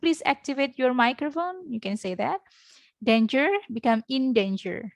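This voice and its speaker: Indonesian-accented woman teacher, higher voice, dry close computer mic, patient and halting online lecture. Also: creaky, no room sound. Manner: patient, explains word by word with many pauses. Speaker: English teacher.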